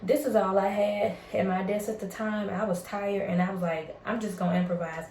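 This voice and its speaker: A woman's voice: medium pitch, fairly even intonation, moderate pace, a little mellow, a little hiss or hum. Chatty woman in an echoey room. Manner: chatty and upbeat, uses Southern US slang. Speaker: beauty vlogger. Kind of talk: casual chat with devotional talk. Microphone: ring light setup at home.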